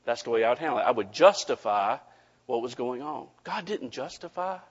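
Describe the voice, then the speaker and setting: A man preaching a sermon, telling a personal story in a folksy, animated way to his congregation. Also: medium pitch, fairly quick, husky. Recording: dull audio with long hall reverb.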